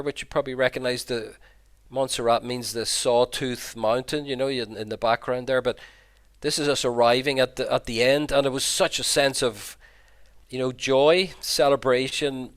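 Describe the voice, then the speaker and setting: A middle-aged Irish man, a priest, telling a personal story over slides on a video call in an earnest, reflective way, often repeating words. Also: medium pitch. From Ireland. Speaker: Jesuit priest and pilgrim guide giving a talk.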